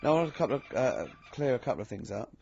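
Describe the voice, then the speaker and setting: A man's voice: medium pitch, very animated, rapid-fire, vocal fry, darkish tone, slightly rough, highs cut off, faint music behind. A man hosting a radio show, joking along in casual studio banter with many restarts.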